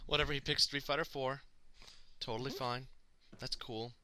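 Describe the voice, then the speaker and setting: Animated, bright-voiced man telling a story. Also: moderate pace, clear, resonant tone. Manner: animated, acts out quotes with big pitch swings; profane, self-mocking. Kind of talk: casual storytelling chat.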